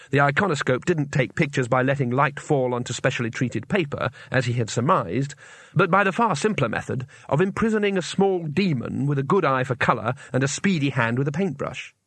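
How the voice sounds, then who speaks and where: A man narrating a comic fantasy audiobook in a measured, expressive way. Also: medium pitch, no echo. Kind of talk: scripted narration.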